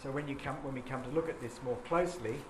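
A man's voice: medium pitch, fast. A man giving a classroom lecture, explaining patiently and chanting rhythms aloud. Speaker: teacher. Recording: echoey classroom with background noise.

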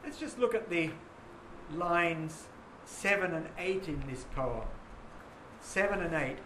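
A male teacher with a high, bright voice teaching a poetry lesson, quizzing his class and reading lines slowly. He sounds lively and questioning. The bare classroom gives his voice a strong echo, with a faint hum behind it. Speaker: English teacher. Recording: echoey classroom with faint noise.

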